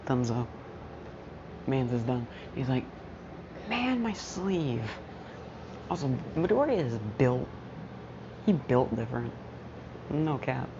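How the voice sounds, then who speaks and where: A woman casually telling a fan story, slangy and self-mocking, often losing her train of thought. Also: very deep voice. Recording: muffled lo-fi mic, steady background noise.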